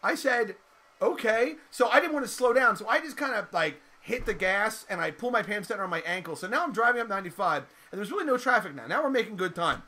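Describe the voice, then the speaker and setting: A middle-aged man telling a raunchy story in an animated, profane way, laughing often. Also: high-pitched, quick pace, hardly any pauses.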